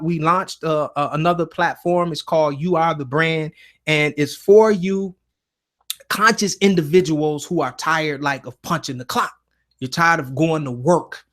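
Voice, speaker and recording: A man's voice: a little high, a bit bright. A man hosting a casual live-stream show, telling stories earnestly with many restarts and fillers. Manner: emotional, earnest.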